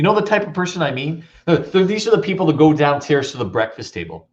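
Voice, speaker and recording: Talking fast with few pauses, a man with a slightly high voice delivers an animated motivational talk at a school assembly. He's a motivational speaker who tells stories and asks the audience questions. It's a dull lo-fi recording.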